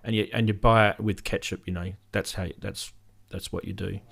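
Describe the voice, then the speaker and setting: A man's voice: sits low, steady tone, normal speed, creaky, fairly bright tone, slightly rough. A man with an Australian accent, hosting a casual video-call chat and telling a funny story with lots of laughs. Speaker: host.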